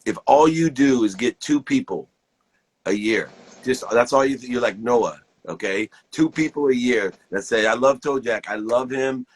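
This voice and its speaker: A man's voice: mid-range voice, moderate pace, husky. A man in his fifties giving an enthusiastic, preachy pep talk to viewers on a live stream, hosting it from his phone. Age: 50s.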